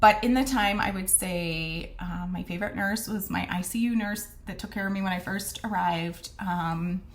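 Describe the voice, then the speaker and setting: A woman's voice: medium pitch, moderate pace. A woman casually telling her personal story to camera, frank and chatty, acting out the conversations she recalls. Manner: chatty, retells scenes with quoted dialogue; frank, with mild swearing and many fillers. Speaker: vlogger sharing her diagnosis story.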